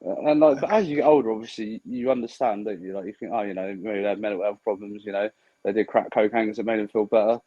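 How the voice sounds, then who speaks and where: A man's voice: fairly low pitch, fast talker, highs cut off. A man in casual podcast chat, blunt and swearing freely, telling stories and acting out what others said. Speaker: podcast co-host.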